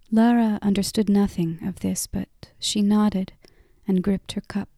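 A woman narrating a story in a whispered role-play, softly and unhurriedly. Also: mid-range voice, fairly even intonation, vocal fry, no echo, studio quality. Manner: soft, unhurried reading.

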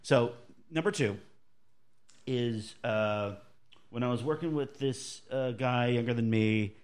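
A man's voice: medium pitch, slow, smooth. A man co-hosting a podcast, telling stories in casual chat with frequent restarts. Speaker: podcast co-host.

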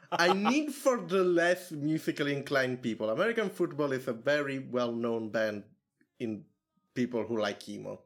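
A man's voice: medium pitch, animated, normal speed. A man co-hosting a casual music podcast, rambling with many "like"s and restarts. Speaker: podcast co-host. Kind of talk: casual chat.

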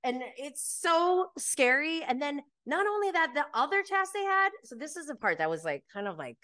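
A woman's voice: high-pitched, sing-song, normal speed, pushed and bright. A woman hosting a podcast, chatting casually and with animation about reality TV, laughing often and filling her talk with "like". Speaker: podcast host. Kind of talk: casual chat recapping reality TV.

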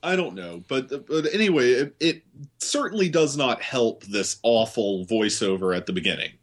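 A man's voice: medium pitch, sing-song, moderate pace. A man co-hosting a podcast, chatting casually and rambling sarcastically about a film, with lots of swearing and filler words. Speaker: podcast co-host. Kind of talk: casual movie review chat.

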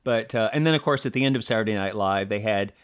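A man co-hosting a political commentary podcast, talking in a halting way with many fillers and restarts and a sarcastic edge. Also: lowish voice, clear, resonant tone. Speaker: podcast co-host.

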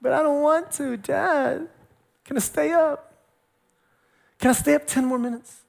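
A whiny little girl, high and squeaky, begging not to go to bed, as a pastor puts her on. Her pleading climbs well above his normal voice in a sing-song whine. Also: measured pace, creaky, full character voice. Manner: pleading, whining.

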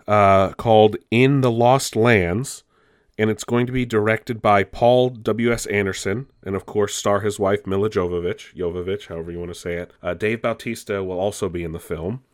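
A man with a low, deep voice hosting a casual entertainment news roundup. He talks loosely and chattily, drops the odd swear word and laughs at himself.

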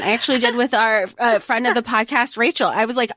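A woman's voice: on the high side, fast talker, few pauses, fairly bright tone, no echo. Chatty woman podcast co-host, dry sound. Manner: chatty, rambling with many asides. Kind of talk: casual chat.

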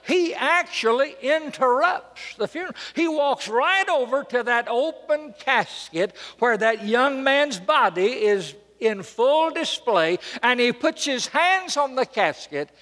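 Guy preaching at the pulpit, dramatic, repeats stuff, voice leaps all over, big reverby church. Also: very high-pitched. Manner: dramatic, emphatic repetition, swings between loud and soft. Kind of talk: sermon.

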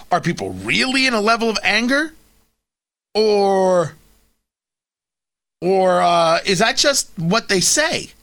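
Male host, high and animated, emphatic and repetitive opinion talk. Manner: emphatic, repetitive, sarcastic asides. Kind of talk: opinionated political commentary.

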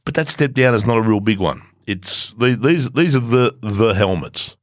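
A man's voice: mid-range voice, lively intonation, moderate pace, dry recording, clean studio sound. A man co-hosting a podcast, talking laid-back and rambling, with plenty of fillers. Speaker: podcast co-host. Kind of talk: casual banter, reading a sponsor giveaway.

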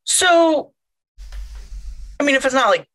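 A woman's voice: sits high, animated, slow, a bit bright. A woman playing a tabletop game, talking in a hesitant, wry, casual way. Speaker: player.

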